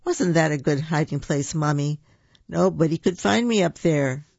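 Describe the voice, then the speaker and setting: A squeaky, mischievous little bear cub from a children's storybook, put on by a reader in a pitched-up voice. The voice is slightly gravelly. The recording is dull and dry. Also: moderate pace, darkish tone, dry recording.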